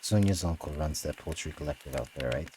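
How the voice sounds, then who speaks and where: A man voicing a confident, swaggering young soldier in a storybook reading, breezy and self-assured, with a deep voice. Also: fairly quick, mellow, slight background noise.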